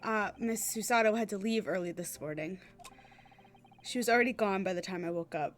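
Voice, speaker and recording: A woman's voice: medium pitch, brisk, a little hiss or hum, natural voice. A woman reading the lines of an earnest young male defense lawyer in her own voice, reassuring and sincere.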